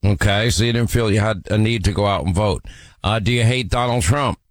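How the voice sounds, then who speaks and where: A man's voice: lowish voice, fairly quick, no echo. A man hosting a call-in radio talk show, needling and mocking a caller in a brusque way.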